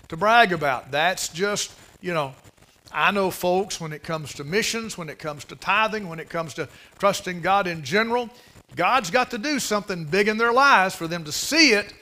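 Pastor, male, high bright preaching voice, emphatic sermon delivery. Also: low-quality recording. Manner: emphatic preaching, slows and drops to a hush for quotes.

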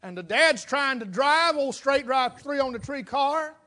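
A male preacher delivering a sermon, telling a story dramatically and swinging between loud bursts and hushed lines. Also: very high-pitched, expressive, measured pace.

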